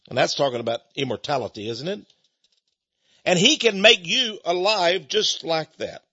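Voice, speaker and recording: A man preaches, telling a story with a husky voice that swings widely in pitch. He chuckles between points and asks his listeners questions. The recording is dull and lo-fi. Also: lively intonation, normal speed, sharp tone, no room sound. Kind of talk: sermon storytelling.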